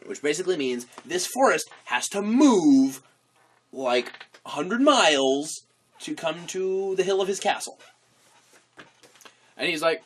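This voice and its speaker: Animated young man chatting casually. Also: fairly high pitch, a little slow, a little hiss or hum. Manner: enthusiastic, rambling storyteller. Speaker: podcast co-host. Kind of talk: casual chat.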